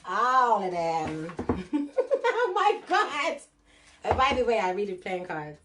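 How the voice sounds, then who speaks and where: A woman's voice: medium pitch, very animated, takes it slowly, background noise. A woman hosting a casual livestream, chatting with viewers and reading cards. She laughs often and mixes patois with London slang. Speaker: livestream host and card reader.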